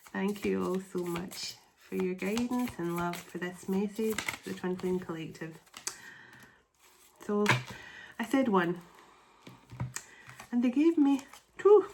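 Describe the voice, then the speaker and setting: A woman doing a spiritual tarot reading to camera, emotional and excitable, reading card texts aloud. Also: mid-range voice, vocal fry, noisy background. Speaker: tarot reader.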